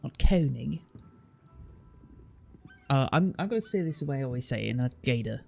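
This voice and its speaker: A man from Southwest England with a southern English accent chats casually with his live-stream audience, thinking aloud and using lots of fillers. His medium-pitched voice is animated, gravelly and darkish, at a moderate pace.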